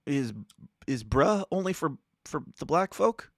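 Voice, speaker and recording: A man's voice: on the high side, expressive, measured pace, no room sound. A man co-hosting a casual news podcast who laughs often and tosses in dry asides. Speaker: podcast co-host.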